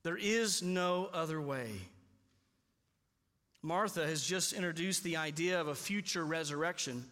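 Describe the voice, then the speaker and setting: A man preaching a sermon in a church, emphatic and slowing down on key points. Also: fairly high pitch, fairly bright tone. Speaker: pastor. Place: church sanctuary. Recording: long hall reverb.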